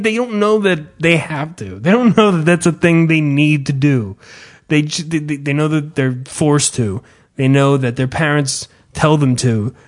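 A man telling a sarcastic, profanity-laced comedic story in casual podcast chat. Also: fairly high pitch.

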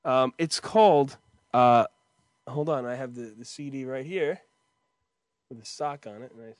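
A man's voice: mid-range voice, a little slow, no room sound, studio quality. A man co-hosting a radio show, chatting casually with rambling jokes and swearing. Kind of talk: casual chat.

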